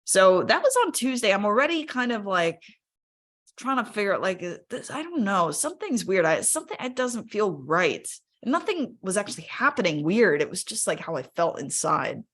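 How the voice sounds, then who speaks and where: A woman's voice: medium pitch, very animated, moderate pace, a bit bright. A woman speaking candidly to a live webinar audience from her home workspace over a video call, often checking in with listeners. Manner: candid, conversational, often asks the audience "right?". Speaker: speaker sharing a personal story.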